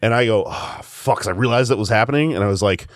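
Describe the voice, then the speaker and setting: Low-voiced profane male storyteller. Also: no room sound, studio quality. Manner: rambling, profane, rapid anecdote-telling. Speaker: comedian and podcast host. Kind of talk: casual podcast storytelling.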